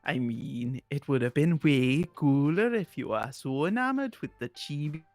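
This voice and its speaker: A man's voice: fairly high pitch, lively intonation, moderate pace, a little mellow, faint music behind, voice pushed down. A man putting on a chirpy Welsh flamingo-mascot girl. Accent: Welsh, put on. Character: bubbly young woman arcade worker, flamingo mascot.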